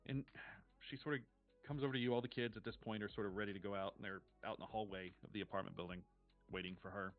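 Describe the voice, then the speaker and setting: A man running a tabletop role-playing game as game master, narrating in a measured, descriptive way with casual swearing. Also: on the low side, steady tone. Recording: dull lo-fi stream audio with faint music.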